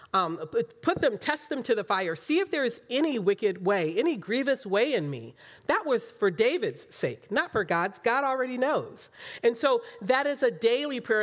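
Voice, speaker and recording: A woman giving a sermon, teaching from the Bible in an earnest, emphatic way with fillers and light laughs. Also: on the low side.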